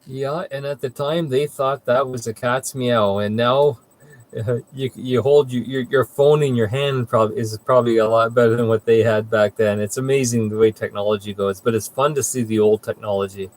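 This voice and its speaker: A man hosting a ham radio net in easygoing, chatty talk, often pausing with uhs. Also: mid-range voice, fairly even intonation. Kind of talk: casual radio chat.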